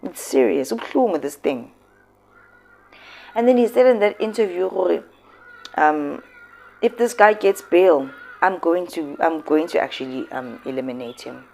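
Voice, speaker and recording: A woman's voice: fairly low pitch, measured pace, gravelly, a little hiss or hum. A South African woman hosting casual commentary, talking expressively and emphatically. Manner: expressive, emphatic, switching into local words. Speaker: commentary host.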